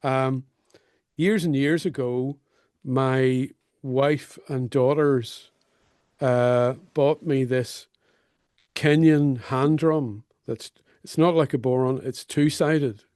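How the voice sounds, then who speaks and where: A middle-aged man with a Northern Irish accent, a guest telling stories in a wry, unhurried way. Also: medium pitch, fairly even intonation, a little mellow, dry recording, clean studio sound. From North Belfast. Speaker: guest songwriter and storyteller. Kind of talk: conversational storytelling.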